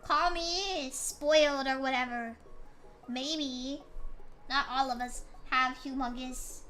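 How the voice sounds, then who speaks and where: A woman's voice: sits high, fairly even intonation, slow, a bit bright, faint music behind. A woman streamer chatting casually with her viewers, complaining in a playful, mock-dramatic way.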